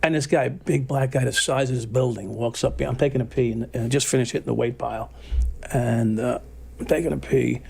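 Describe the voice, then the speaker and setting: A man's voice: medium pitch, steady tone, brisk, gravelly, darkish tone, breathy edge. A middle-aged man from New York telling prison stories in a casual, profane way, laughing and repeating words. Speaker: interview guest. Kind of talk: casual storytelling.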